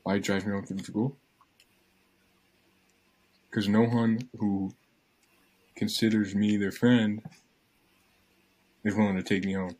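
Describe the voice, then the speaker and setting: A teenage guy with a low, husky voice, casually telling his friends a long story. He keeps jumping into quoted dialogue, acting out each line as it happens. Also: slow, pauses often, low-quality recording. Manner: animated storyteller, acts out quotes.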